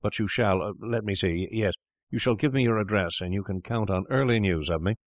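A man's voice: on the low side, a little fast, no room sound, clean studio sound, natural voice. A man voicing a flustered, wealthy elderly doctor who stammers and hurries his words.

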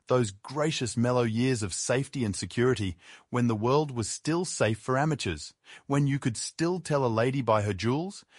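A man reading a literary essay aloud in a measured, wry manner. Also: medium pitch, dry recording, studio quality. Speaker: essay reader. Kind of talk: scripted literary narration.

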